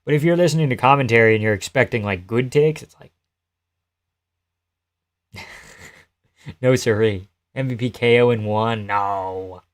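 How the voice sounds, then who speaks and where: A man's voice: mid-range voice, normal speed, long pauses. Male streamer, mid-range voice, rambling offhand chat with viewers, swears now and then. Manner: loose, rambling, profane, answers chat messages. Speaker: live streamer. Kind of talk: casual live-stream chat reacting to a fight card.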